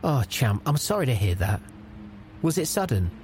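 A man's voice: medium pitch, sing-song, normal speed, darkish tone, a little hiss or hum, close to an everyday voice. An actor playing an earnest, polite male wrestling show presenter who stammers when flustered. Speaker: podcast host. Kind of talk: scripted comedy podcast. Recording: music playing underneath.

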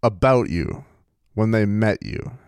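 A man chimes in with short, teasing remarks, speaking slowly and unhurriedly. His voice sounds dry and close, with no room behind it. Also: lowish voice, sing-song, gravelly, darkish tone, smooth, no echo. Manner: teasing, laughing along.

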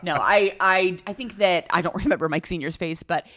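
A woman co-hosting a podcast in casual chat, talking fast with quick asides and acting out little quotes. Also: on the low side, fairly bright tone, no echo, studio quality. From Southern California. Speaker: podcast co-host.

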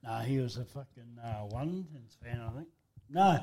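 A man's voice: medium pitch, moderate pace, mellow. A young New man co-hosting a podcast, throwing out brash, heavily sweary banter in casual chat. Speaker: podcast co-host.

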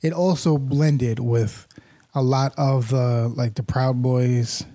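Male podcast co-host, mellow voice, dry close sound, rambling explainer. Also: medium pitch, fairly even intonation, slow, no echo. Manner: rambling, restarts sentences while explaining, laughs at his own points. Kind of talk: casual chat.

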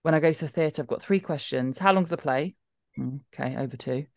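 A woman's voice: deep voice, fairly quick, creaky, a little mellow, no echo, clean studio sound. A middle-aged woman co-hosting a podcast, chatting emphatically with lots of asides. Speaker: podcast co-host. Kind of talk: casual chat.

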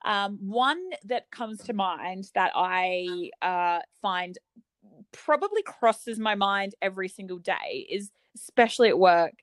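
A woman's voice: medium pitch, slow, no echo. Chatty Australian woman, dry close mic. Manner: chatty, animated storytelling, acts out quotes. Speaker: podcast co-host. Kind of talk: casual chat.

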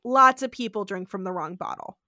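A woman's voice: mid-range voice, lively intonation, a little fast, pushed and bright, dry recording, studio quality. A woman voicing a kind, earnest young woman of the 1930s in a sweet, chatty way.

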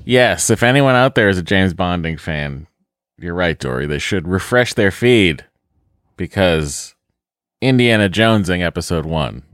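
A man's voice: deep voice, expressive, measured pace, fairly bright tone, dry recording, clean studio sound. A man from the Boston area co-hosting a podcast in casual, rambling, self-mocking chat. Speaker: podcast co-host.

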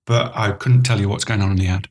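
A man's voice: lowish voice, fairly even intonation, fast talker, darkish tone. Dry, teasing man on a podcast. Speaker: podcast co-host. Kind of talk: casual chat.

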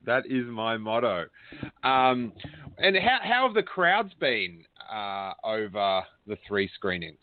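A man's voice: lowish voice, big pitch swings, slow pace, slight background noise. A man hosting a casual chat, joking and talking with many restarts. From Australia. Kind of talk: casual chat over a call. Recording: tinny call audio, dry.

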